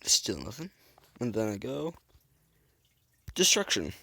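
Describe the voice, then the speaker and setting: Hosting a gameplay video, this man keeps up casual, goofy commentary, poking fun at himself and tossing in silly sound effects. He speaks unhurriedly in a mid-range voice with lively intonation and a fairly bright tone, over a little hiss or hum.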